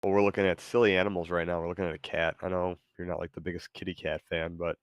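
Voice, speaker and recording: A man with a low, deep voice hosts a casual chat with an AI. He talks in an easygoing, tentative way, often pausing mid-thought. The sound is dry and close. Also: level tone, smooth, no room sound. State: tired, yawning. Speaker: show host.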